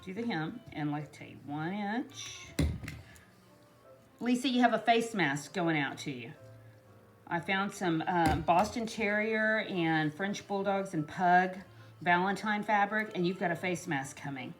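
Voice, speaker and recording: A woman's voice: lowish voice, a little slow, soft background music. A woman chatting casually and rambling through a home DIY tutorial, full of asides to her viewers. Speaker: craft vlogger. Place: home kitchen.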